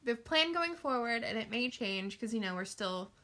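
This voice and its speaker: Young daughter co-host, bright and a touch high, animated and quirky. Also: female voice, normal speed. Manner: animated storyteller, quirky, laughs. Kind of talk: casual chat.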